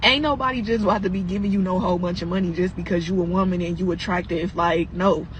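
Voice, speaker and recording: A woman's voice: lowish voice, steady tone, fast, lo-fi sound, slight background noise. A young woman in a casual vlog, lecturing with rhetorical questions. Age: young adult.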